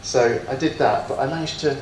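A man's voice: mid-range voice, brisk, a little mellow. Man lecturing from afar, hesitant. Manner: hesitant, many ums and restarts, self-deprecating. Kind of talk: autobiographical lecture. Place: lecture room. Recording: echoey room from far off, faint noise.

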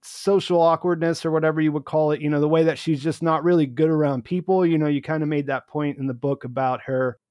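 Man, host, rambling with many fillers, somewhat high voice, dry close sound. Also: fairly even intonation, fast, few pauses, darkish tone, dry recording. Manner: rambling, many restarts and "you know"s. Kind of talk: casual discussion.

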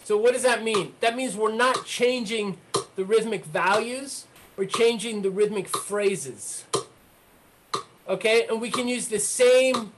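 A woman with a somewhat high voice leads a rhythm lesson. She counts beats and chants rhythm syllables in a steady pulse between short coaching remarks. Clear noise sits behind her voice. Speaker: rhythm teacher.

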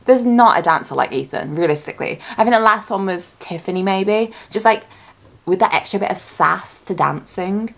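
A woman talking casually as a YouTuber reacting to a trailer, chatty and excitable, thinking aloud and correcting herself as she goes. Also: mid-range voice, moderate pace, gravelly. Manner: speculative fan talk, often self-correcting.

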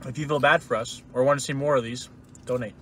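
Young guy rattling off quick blunt jokes, eating in a parked car. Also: mid-range voice, fairly even intonation, fairly bright tone, a little hiss or hum. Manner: teasing, blunt. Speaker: podcast co-host doing a food review. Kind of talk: casual chat while eating.

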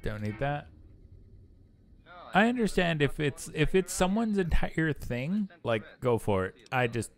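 A man's voice: a little high, very animated, a little slow. A young man chatting casually and bluntly with profanity while streaming a game. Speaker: gaming streamer. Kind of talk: casual chat while gaming.

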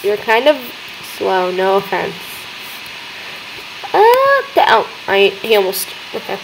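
A young woman hosting a gaming video, chattering excitedly as she plays and talking to the characters on screen. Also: mid-range voice, slow, gravelly, background noise. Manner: excitable, gasping, talks to game characters. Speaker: gaming channel host. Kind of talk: let's-play commentary.

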